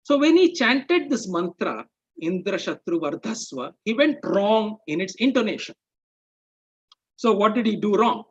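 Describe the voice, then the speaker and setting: A man presenting an explanatory talk, speaking in a measured way and checking in with "okay?" and "right?". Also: sits high, expressive, husky, highs cut off.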